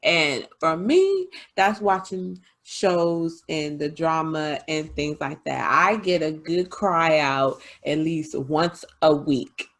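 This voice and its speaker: A woman hosting a casual podcast chat, confiding and chatty, often laughing and adding quick asides. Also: deep voice, lively intonation. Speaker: podcast host.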